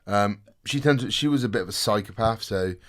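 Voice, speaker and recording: A man telling a personal story in casual chat, animated and swearing often, laughing along the way. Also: lowish voice, a little fast. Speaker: podcast guest telling a story.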